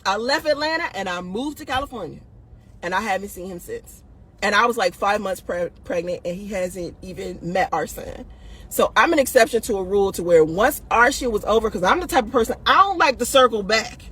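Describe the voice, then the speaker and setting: A woman's voice: mid-range voice, lively intonation, a little fast, fairly bright tone, slightly rough. A woman hosting a video, giving dating advice in blunt, profane casual talk, laughing often and tossing "listen" and "right?" at her audience.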